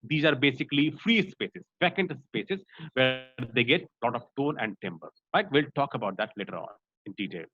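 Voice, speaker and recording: A man's voice: fairly high pitch, fairly bright tone, muffled recording. A man with an Indian accent giving an online class on voice and speech, explaining step by step with many fillers and checks like "right?". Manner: explanatory, frequent "right?" and "uh" fillers, mixes in Hindi. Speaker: voice and speech trainer.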